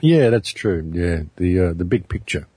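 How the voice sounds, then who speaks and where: A man in his fifties with an Australian accent, talking earnestly as an interview guest, often pausing and repeating words as he thinks. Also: low-pitched, expressive, mellow, breathy edge, dry recording. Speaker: interview guest, documentary maker. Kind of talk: reflective interview talk.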